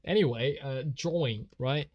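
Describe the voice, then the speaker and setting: Young Polish-accented male streamer, slow, laughs constantly, dry close sound. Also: mid-range voice, no room sound, dull audio. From Poland. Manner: giggly, laughs often, reads out chat. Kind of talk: casual live-stream chat while drawing.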